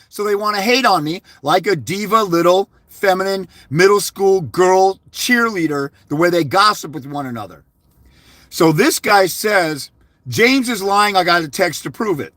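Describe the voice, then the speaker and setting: A man's voice: a little high, fairly bright tone, no room sound. A man ranting angrily to camera, hurling insults at his critics in a preachy, combative way. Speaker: YouTuber giving fathers' rights advice. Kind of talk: angry vlog rant.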